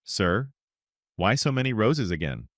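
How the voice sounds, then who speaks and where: A man's voice: on the low side, very animated, a little slow, fairly bright tone, dry recording, clean studio sound. A man voicing a loyal young female shop assistant in a plain, matter-of-fact way.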